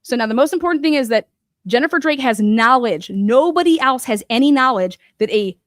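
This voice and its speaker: High-voiced blunt, profane woman host. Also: lively intonation, brisk, dry recording, clean studio sound. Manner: profane and blunt, retelling events with lots of fillers. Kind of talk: true crime podcast chat.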